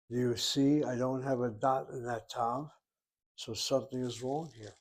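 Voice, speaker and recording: A man's voice: medium pitch, steady tone, moderate pace. A man teaching a Hebrew grammar lesson, working through each word step by step and reasoning aloud as he goes. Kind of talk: grammar lecture.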